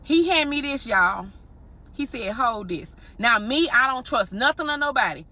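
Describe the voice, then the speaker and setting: A married woman telling an animated story straight to her viewers in a vlog, often calling them y'all. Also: sits high, moderate pace. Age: adult, married. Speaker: vlogger.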